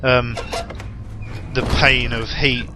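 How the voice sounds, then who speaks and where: A man's voice: mid-range voice, little pitch movement, takes it slowly, noisy background. A young man playing a horror game, reading the in-game notes aloud and adding wry, rambling asides. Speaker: let's play gamer.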